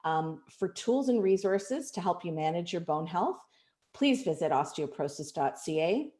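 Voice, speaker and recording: A woman with a lowish, warm voice moderates an online webinar by video call, speaking animatedly at a moderate pace. She's upbeat as she thanks participants and reads out announcements, and the room sounds echoey.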